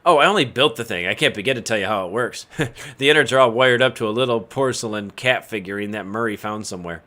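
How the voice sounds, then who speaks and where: A man's voice: on the low side, fast, bright, forceful tone. A man voicing an easygoing male handyman who talks in a folksy, chuckling way. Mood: amused.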